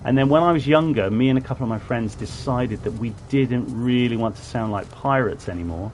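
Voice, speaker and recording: A man's voice: mid-range voice, a little fast, hardly any pauses, darkish tone, slight background noise. Chatty man streaming a game. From Plymouth, southwest England. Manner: chatty, rambling, greets and answers chat viewers. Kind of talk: casual live-stream gameplay commentary.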